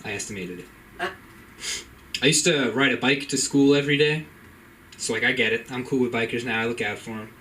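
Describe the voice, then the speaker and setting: A man's voice: mid-range voice, brisk, pauses often, sharp tone. Young male comic, laid-back and rambling; captured from a distance with light club noise. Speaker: stand-up comic. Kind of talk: open-mic stand-up. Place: comedy club. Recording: distant mic, faint room noise.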